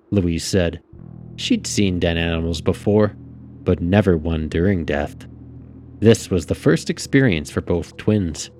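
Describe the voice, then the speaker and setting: A man calmly reading a story aloud as narrator. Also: deep voice, slight background noise.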